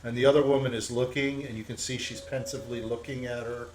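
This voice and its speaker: A man's voice: mid-range voice, steady tone, fast, rough recording. A man narrating as game master, telling the scene in a loose, rambling way with many fillers.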